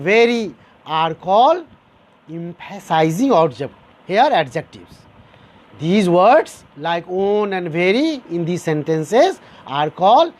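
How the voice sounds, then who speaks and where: A man teaching a grammar lesson, repeating each example sentence and explaining it step by step to his dear students. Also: sits high. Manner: addresses listeners as dear students.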